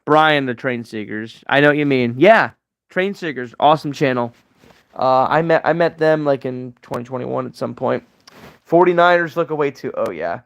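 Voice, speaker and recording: A man's voice: mid-range voice, expressive, moderate pace, lo-fi sound. A young man hosting a casual livestream Q&A, rambling and answering chat messages as he goes. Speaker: livestream host.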